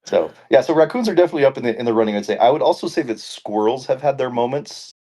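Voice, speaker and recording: A man's voice: mid-range voice, lively intonation, very fast, dark tone. A man co-hosting a casual podcast chat, joking and rambling, laughing often. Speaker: podcast co-host.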